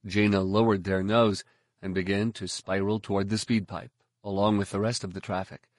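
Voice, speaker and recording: A man reading scripted audiobook narration in a steady, even storytelling manner. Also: on the low side, normal speed, no echo, clean studio sound.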